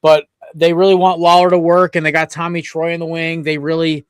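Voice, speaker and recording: A man co-hosting a sports podcast, talking in animated, blunt banter and swearing freely. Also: a little high, fairly quick, clear, resonant tone, no echo, studio quality. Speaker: podcast co-host.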